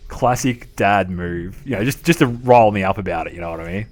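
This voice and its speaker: This low-pitched Australian man, a thirtysomething game streamer, chats through casual stories at a brisk clip with hardly any pauses. His talk is matey and profane, full of swearing and laughter.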